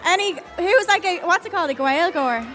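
Giggly high-voiced woman on stage. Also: lively intonation, fairly quick. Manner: giggly, self-deprecating. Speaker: co-host of a live show. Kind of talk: live stage banter with audience. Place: stage in front of a live audience. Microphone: handheld stage mic.

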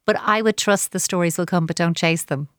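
A woman's voice: on the low side, a little fast, no echo, clean studio sound. A woman, a child psychotherapist, giving parenting advice on a radio show and acting out children's replies. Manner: animated, acts out children's replies.

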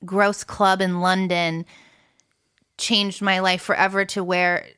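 A woman's voice: on the low side, little pitch movement, takes it slowly, fairly bright tone, smooth. An American woman musician talking casually in an interview, chatty and full of fillers, laughing often. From United States. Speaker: musician guest.

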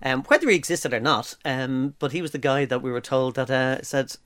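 A man co-hosting a podcast, telling stories in a jokey, animated way and laughing often. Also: medium pitch, a little fast, no room sound, faint music behind. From Ireland. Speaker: podcast co-host. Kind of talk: casual chat.

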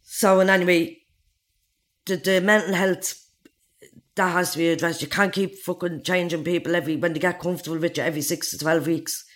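A woman's voice: lowish voice, steady tone, a little fast. A woman in her forties with an Irish accent, bluntly telling her own life story in an interview and swearing freely. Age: 40s. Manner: blunt, swears freely, acts out others' lines.

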